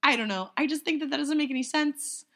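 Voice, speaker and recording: A woman co-hosting a podcast in casual chat, animated and full of fillers, often slipping into silly voices. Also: sits high, fast talker. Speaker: podcast co-host.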